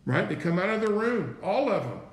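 Guy preaching, kinda high voice, keeps saying right? and listen, lots of echo. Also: big pitch swings, a little fast. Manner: repeats himself, asks rhetorical questions, says "right?" and "listen". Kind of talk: informal sermon. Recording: echoey room.

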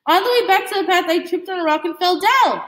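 A woman reading a novel aloud in a halting way, with slips and restarts. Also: very high-pitched, animated, fairly bright tone. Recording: echoey room.

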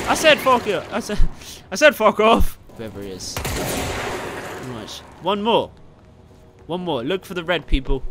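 A young man commentating his gameplay casually, excitable, often swearing and yelling at enemies. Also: a little high, noisy background. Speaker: gameplay streamer.

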